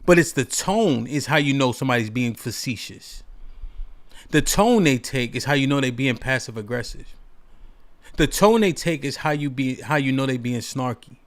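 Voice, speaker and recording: A man's voice: mid-range voice, lively intonation, moderate pace. A man hosting a call-in show, talking in an emphatic, rhetorical way and asking "right?" after nearly every point. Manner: emphatic, repeats "right?" often; rhetorical, preachy. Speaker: podcast host.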